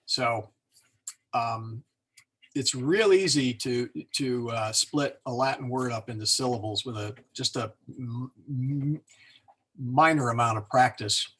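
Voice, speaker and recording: A man teaching a language class in a loose, chatty way, with plenty of fillers and restarts. He stretches words out slowly to show how they are said and tosses in small jokes for the class. His voice sits at an ordinary middle pitch. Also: breathy edge. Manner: relaxed and chatty, many fillers and self-corrections, joking asides; sounds words out slowly to model them. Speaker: Latin teacher. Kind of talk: informal classroom lesson.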